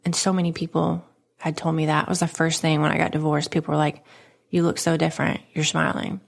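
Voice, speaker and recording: Podcast host, thirties woman: low, fry-laden voice, dramatic personal storytelling, quick whispers and laughs. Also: level tone. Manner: dramatic, emotional, laughs often, slips into whispers.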